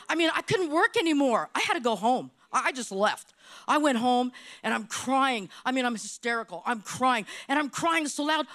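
A woman from Hawaii gives a church testimony in a high, bright voice. Her pitch leaps and swoops constantly as she tells her story dramatically. She repeats key phrases for emphasis, like a seasoned preacher. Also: moderate pace. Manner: animated, dramatic storytelling with repetitions. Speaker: church speaker giving testimony. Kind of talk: sermon testimony.

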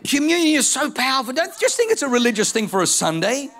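Man, pastor, middle-aged, high voice, lively sermon delivery, bursts into shouting. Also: quick pace. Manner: animated storytelling, builds to shouting declarations.

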